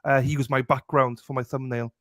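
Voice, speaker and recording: A man's voice: medium pitch, level tone, brisk, a bit bright, dry recording, studio quality. A man co-hosting a live stream, upbeat and affectionate, reading viewers' names and comments aloud. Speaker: co-host. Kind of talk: casual live stream chat.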